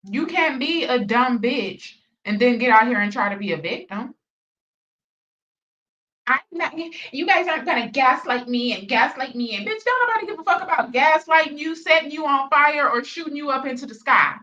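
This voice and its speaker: A fairly high-voiced woman delivers blunt, profane reaction commentary, hammering her points with repetition. She sounds set back from the mic, and the recording is dull and lo-fi. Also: animated, normal speed, bright, forceful tone, far from the mic. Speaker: reaction channel host.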